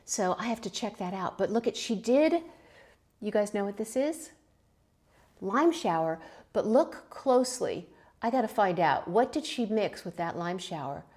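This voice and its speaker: A middle-aged woman chats casually to her viewers as she unloads her kiln. She gushes easily, breaking into gasps and small exclamations, and her pitch sits right in the middle of the usual range for a woman. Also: expressive, unhurried, darkish tone. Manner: chatty and gushing, with gasps and little exclamations. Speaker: pottery channel host. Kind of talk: casual kiln-opening vlog chat.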